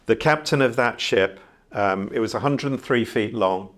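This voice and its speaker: A middle-aged man from the Channel Islands, a ship captain, telling stories of his early years at sea in a reflective, unhurried way with many fillers. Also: mid-range voice, a bit bright. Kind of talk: conversational storytelling.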